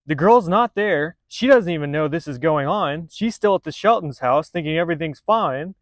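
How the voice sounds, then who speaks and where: Man, casual storyteller, sarcastic, swears, slightly high voice, dry close mic. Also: lively intonation, normal speed, no echo. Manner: sarcastic, profane, chatty.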